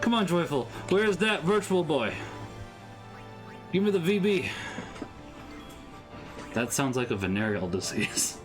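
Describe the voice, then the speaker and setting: A man's voice: a little high, big pitch swings, unhurried, long pauses, music in the background. A man co-hosting a casual game stream, chatting and answering viewers' comments. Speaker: streamer co-host. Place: home streaming setup.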